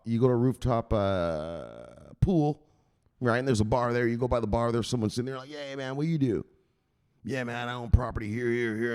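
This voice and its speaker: A man hosting a crypto news show, ranting in a casual, profane way on a livestream. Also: mid-range voice. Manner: profane and animated. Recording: roomy reverb.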